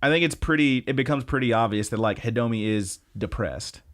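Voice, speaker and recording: A man co-hosting a podcast, recapping episodes in a casual, excited way and cursing freely. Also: mid-range voice, fairly quick. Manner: profane, excited retelling with quoted voices. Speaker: podcast co-host. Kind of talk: casual anime recap chat.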